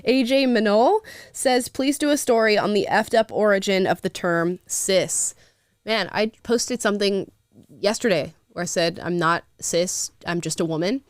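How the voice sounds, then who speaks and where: A woman's voice: medium pitch, a little slow, no echo, studio quality. A woman hosting a casual livestream, reading viewer comments aloud with sarcastic asides and frequent laughter. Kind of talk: casual live chat.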